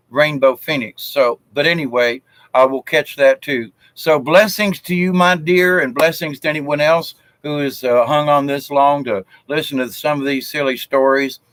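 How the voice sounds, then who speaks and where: A man's voice: mid-range voice, fairly even intonation, moderate pace, a bit bright, no room sound, poor audio. A man from South Georgia, telling jokes in a folksy, chuckling way on a live stream. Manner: folksy and chuckling, with frequent fillers. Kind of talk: casual joke-telling chat.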